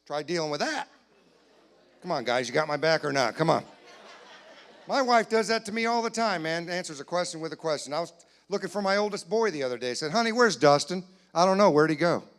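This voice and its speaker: A man doing a stand-up comedy set in a church, playfully acting out both sides of conversations with loud put-on voices. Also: a little high, a little fast. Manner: playful, jumps to loud acted voices for his wife and himself. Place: church sanctuary, live audience.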